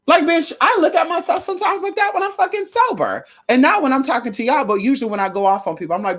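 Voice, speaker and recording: Woman vlogger going off, swears a lot, pitch jumps all over, preachy bits. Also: fast, hardly any pauses. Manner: profane, emphatic, animated storytelling; preachy, sermon-like asides. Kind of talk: casual rant to camera.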